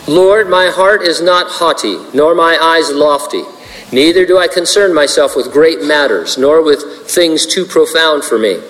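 A man's voice: on the high side, a bit bright. A man preaching as a pastor, working through scripture verse by verse. He is earnest and slips in dry jokes and asides. His voice carries a long reverb, as if in a large hall. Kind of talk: verse-by-verse sermon.

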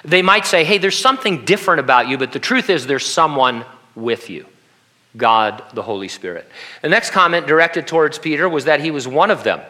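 Bright-voiced preacher, conversational. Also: male voice, a little high, sing-song, normal speed. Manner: conversational preaching with humorous asides and acted-out quotes. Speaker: pastor. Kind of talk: sermon.

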